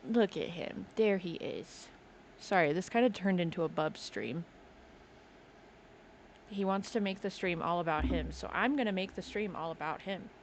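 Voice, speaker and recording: A woman's voice: fairly low pitch, moderate pace. Female streamer, casual and playful, doting tone with her pet, desk mic, faint noise floor. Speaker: game streamer. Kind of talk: casual live-stream chat. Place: home desk indoors. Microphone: desk microphone.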